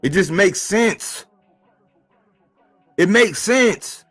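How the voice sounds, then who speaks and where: Male boxing streamer, slightly high voice, casual slangy rant, repeats lines for emphasis, soft music underneath. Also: extremely slow. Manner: animated, rhetorical, slangy, repeats phrases. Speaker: boxing commentator. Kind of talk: casual boxing talk monologue. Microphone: live-stream mic.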